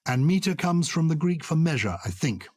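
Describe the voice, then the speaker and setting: An older man co-hosting a podcast, explaining poetry with lively enthusiasm and reciting verse with emphatic rhythm. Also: fairly high pitch, normal speed, breathy edge, no echo, studio quality. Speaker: podcast co-host.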